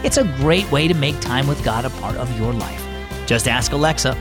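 A man hosting and narrating a children's devotional story, upbeat and expressive, speaking to kids. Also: medium pitch, normal speed, over music. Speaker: host and narrator.

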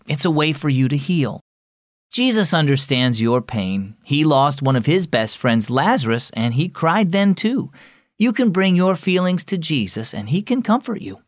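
Expressive man narrating a kids' story. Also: on the high side, no room sound, studio quality. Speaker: host of a children's devotional program. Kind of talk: scripted narration for children.

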